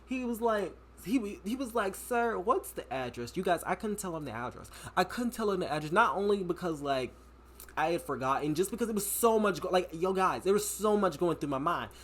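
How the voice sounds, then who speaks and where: A man's voice: sits high, animated, fairly quick, fairly bright tone. A young man vlogging, telling a dramatic story in a casual, slangy way.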